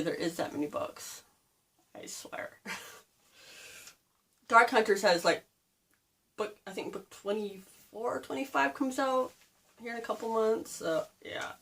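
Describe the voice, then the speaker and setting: A woman in her thirties, a book vlogger chatting casually, rambling off on tangents and laughing at herself. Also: fairly high pitch. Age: 30s. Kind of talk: casual chat.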